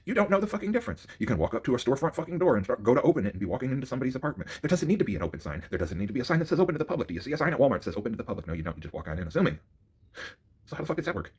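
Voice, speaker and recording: Husky guy on a rapid angry swearing rant, voice jumps all over the place. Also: medium pitch. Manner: angry, profane, swings from mutters to near-shouts. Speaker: vlogger ranting to camera. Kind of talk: profane solo rant.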